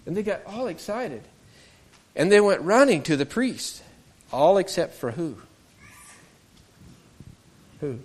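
A man with a fairly high voice tells a Bible story to a group of children. He keeps stopping to ask them questions and acts out the voices of the people in the story. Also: darkish tone, slight background noise.

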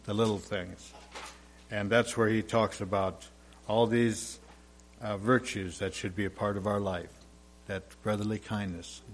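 Low-voiced man preaching a sermon. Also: slight background noise. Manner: reads scripture loudly, then explains softly with many fillers. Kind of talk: sermon reading scripture.

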